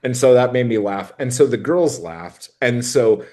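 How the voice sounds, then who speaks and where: This podcast co-host has a medium-pitched, warm voice and speaks at normal speed with plenty of animation. In a casual film-recap chat, he rambles, jokes crudely, and acts out quoted lines.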